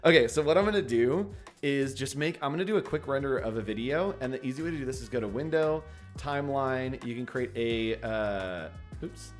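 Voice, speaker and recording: A man's voice: mid-range voice, lively intonation, brisk, faint music behind. Upbeat man walking through design steps. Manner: upbeat, explains steps while working. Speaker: co-host and designer. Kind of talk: casual live-stream design talk.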